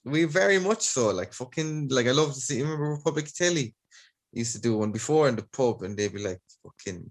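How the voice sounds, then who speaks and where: A young man with an Irish accent hosts a casual podcast, telling stories in an animated, blunt way full of swearing. His pitch sits in the ordinary middle range. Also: fast. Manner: animated storyteller, swears freely. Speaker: podcast host. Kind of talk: casual chat.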